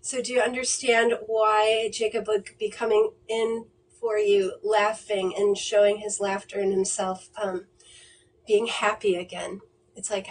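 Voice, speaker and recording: A woman giving a mediumship reading on a livestream, speaking gently and reassuringly, with many fillers and restarts. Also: medium pitch, flat delivery, a little slow. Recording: distant mic with faint noise.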